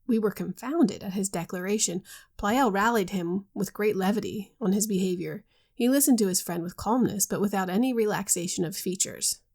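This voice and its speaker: Woman reading a classic novel, gravelly voice. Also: mid-range voice. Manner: steady, measured reading. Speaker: reader.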